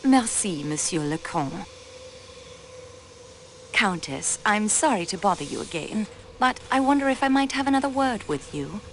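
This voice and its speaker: A woman's voice: mid-range voice, animated, normal speed, slight background noise, natural voice, low-quality recording. A woman voicing a railway clerk turned detective, who questions suspects politely but pointedly and uses French courtesies, in a video game.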